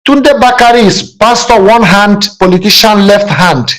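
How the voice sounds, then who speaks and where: A man's voice: high voice, normal speed, fairly bright tone, poor audio. A man with a Nigerian accent, from southeastern Nigeria, giving a fiery, aggressive political talk as a panelist, full of rhetorical questions.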